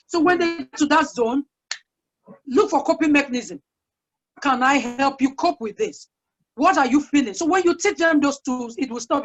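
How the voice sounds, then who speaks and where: A guest speaker with a high, slightly bright voice gives an earnest, chatty parenting talk. She fills it with personal anecdotes, and the recording has a dull, lo-fi sound.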